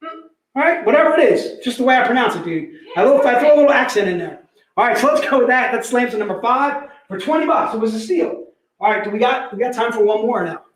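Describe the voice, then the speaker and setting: He talks fast in a very high, expressive voice while hosting a relaxed live sales stream from the office. Jokes, frequent laughter and repeated "dude"s fill the stream, which has a roomy echo.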